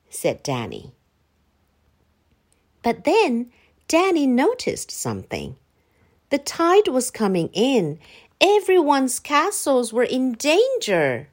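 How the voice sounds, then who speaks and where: A woman reading a children's story aloud in an expressive, unhurried way. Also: a little high. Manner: expressive, sing-song, unhurried.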